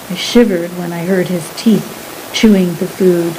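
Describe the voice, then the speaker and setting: A woman narrating a story in the first person, slow and hushed with fear. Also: lowish voice, fairly even intonation, a little hiss or hum, rough recording.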